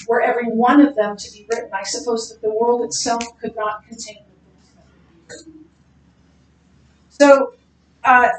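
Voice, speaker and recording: A woman's voice: a little high, far from the mic. A woman teaching a Bible class in a conversational way, with many fillers and restarts. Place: classroom or church room. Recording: roomy, from off-mic, faint background hum.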